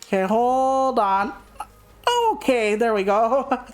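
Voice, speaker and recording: The recording is rough, and faint game music can be heard as a young adult woman streams a game. She speaks a little slowly in a fairly high voice, chatting casually and candidly, rambling, and swearing liberally.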